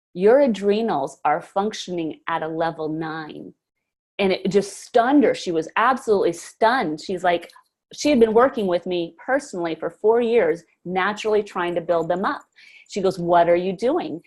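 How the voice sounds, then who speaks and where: A middle-aged woman telling a personal story to a group with lively enthusiasm, acting out the quotes. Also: fairly low pitch. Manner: animated storyteller, acts out quotes. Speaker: speaker sharing a personal testimony.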